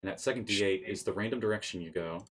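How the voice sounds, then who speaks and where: A man's voice: on the low side, quick pace, husky. A man acting as dungeon master, narrating and calling rolls in a playful manner. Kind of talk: running a tabletop game.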